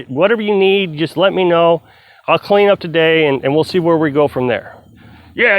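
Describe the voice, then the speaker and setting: A man vlogging outdoors while cutting firewood, talking casually to the camera in a rambling way, restarting his sentences as he retells a story. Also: on the high side. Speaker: vlogger on off-grid living.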